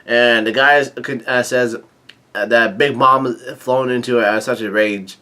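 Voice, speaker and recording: A man reading a manga chapter aloud in a casual, halting way, with many fillers and restarts, voicing the lines and adding his own comments. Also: medium pitch, steady tone, sharp tone. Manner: reads dialogue aloud with light commentary. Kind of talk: casual manga read-through.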